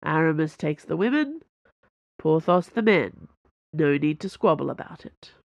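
A woman voicing a dry, reserved male swordsman, talking flat and firm. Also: sits low, measured pace, gravelly, no echo, heavily acted. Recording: dull lo-fi dry recording.

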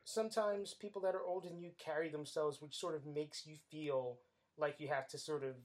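A woman chatting casually as a podcast co-host, teasing and quick to laugh. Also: low-pitched, fairly even intonation, a little mellow. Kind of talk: casual chat.

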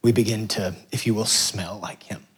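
A man's voice: on the low side, steady tone, normal speed, husky. A middle-aged man preaching a sermon as pastor, passionate and building to emphatic peaks.

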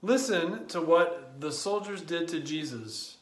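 Man, devotional speaker, high voice, slow and reflective, echoey room. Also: animated. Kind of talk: spoken daily devotion.

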